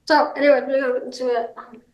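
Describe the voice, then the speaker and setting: A woman speaking as a guest advocate, giving practical advice in an informal, halting way with many ums and restarts. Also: sits high, fairly even intonation, darkish tone. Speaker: guest, hard of hearing and seniors advocate. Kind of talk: explanatory advice talk. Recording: roomy echo.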